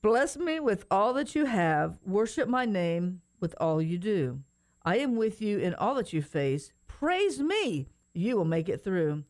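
A woman co-hosting a Christian radio show, bubbly and excitable, reading a prophetic word aloud. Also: medium pitch, measured pace. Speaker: radio co-host. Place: radio studio.

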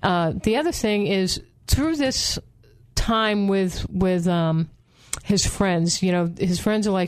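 A woman co-hosting a casual Bible study discussion, talking in an animated way and acting out quotes. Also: slow pace, smooth. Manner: animated, acts out quotes with pitch jumps, laughs often.

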